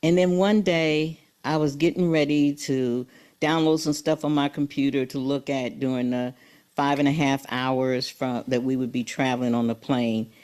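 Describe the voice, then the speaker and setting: A woman's voice: a bass voice, fairly even intonation, moderate pace, a little mellow. A woman in her seventies, a guest telling her story in an earnest, emphatic way during an interview. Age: 70s. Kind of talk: motivational interview.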